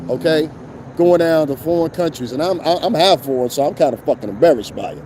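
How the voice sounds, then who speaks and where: A show host with a fairly high-pitched voice rants a little fast in unscripted, blunt and profane commentary, tossing rhetorical asides to his listeners. There's background noise.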